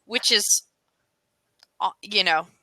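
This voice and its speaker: A woman's voice: medium pitch, takes it slowly, bright, forceful tone, no echo, low-quality recording. An American woman tutoring English on a video call, chatty and laughing often as she gives suggestions. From United States. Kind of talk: casual conversation lesson.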